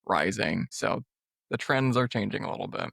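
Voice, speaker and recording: A man's voice: fairly low pitch, lively intonation, moderate pace, creaky, a bit bright, slightly rough, dry recording, studio quality. A man co-hosting a local news podcast, wry and laid-back. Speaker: podcast co-host. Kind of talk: casual news chat.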